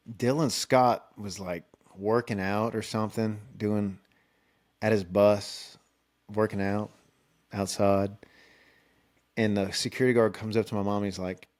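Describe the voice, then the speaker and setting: A young man, a country singer hosting his own podcast, telling concert stories in a relaxed, excitable way, jumping up in pitch to act out the people he quotes. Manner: laid-back, excitable, acts out quotes with raised pitch. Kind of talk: casual storytelling.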